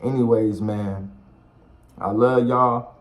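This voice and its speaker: A man's voice: medium pitch, fairly even intonation, slow pace, rough recording. A man talking casually to camera, giving blunt, profane, slang-heavy life advice in a preachy but encouraging way. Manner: blunt, profane and slangy, repeats himself, calls the viewer bro and dog. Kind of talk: casual motivational talk to camera.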